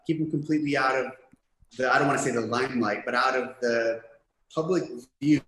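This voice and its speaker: A man being interviewed as a guest on a podcast, answering in a measured, matter-of-fact way. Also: mid-range voice, fairly bright tone, reverberant, poor audio. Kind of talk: casual interview chat.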